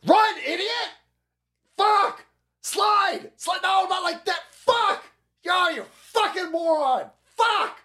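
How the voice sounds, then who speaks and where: A man voicing a furious, foul-mouthed youth baseball coach who yells and curses. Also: very high-pitched, takes it slowly, creaky, pitched above the performer's own voice, heavily acted. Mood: yelling angrily. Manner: yelling, cursing.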